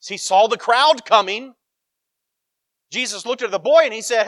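A man preaching a sermon, emphatic and animated, swinging between loud cries and hushed asides. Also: sits high, normal speed, long pauses, no room sound, studio quality.

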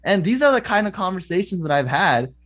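A man's voice: sing-song, brisk, a bit bright. A man speaking as an interview guest, telling a personal story in an earnest, emphatic way. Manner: earnest, emphatic, swings between high and low pitch.

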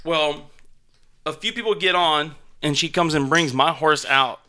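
A man recounts a mishap to his friends in loose, animated chat, swearing and leaning hard on "like". His voice sits somewhat high with a bright, forward edge. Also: measured pace. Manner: animated, swearing, heavy use of "like". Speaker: storyteller among friends. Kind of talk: casual podcast chat.

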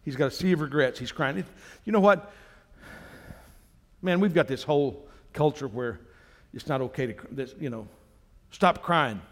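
A man's voice: mid-range voice, normal speed, long pauses, long reverb tail. A man pastor preaching a sermon, emphatic, climbing into fervent exhortation.

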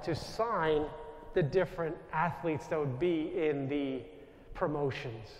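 A man's voice: a little high, darkish tone, roomy sound, long reverb tail. A man with a New York accent, a Jesuit priest giving a conversational storytelling talk to a live audience. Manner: conversational, anecdotal, with self-corrections.

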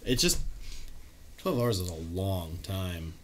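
Animated low-voiced man telling stories. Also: slow, a little hiss or hum. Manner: animated storyteller, lots of "like", acts out quotes. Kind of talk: casual chat.

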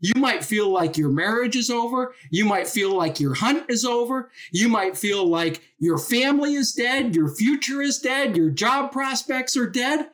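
Animated woman preaching a story. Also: fairly high pitch, measured pace, hardly any pauses. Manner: animated, rhetorical questions, acts out quotes. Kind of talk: impromptu sermon-like storytelling.

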